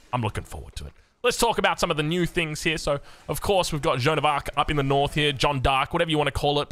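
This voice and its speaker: An Australian man giving energetic, jokey play-by-play commentary on a strategy game match as its caster. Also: mid-range voice.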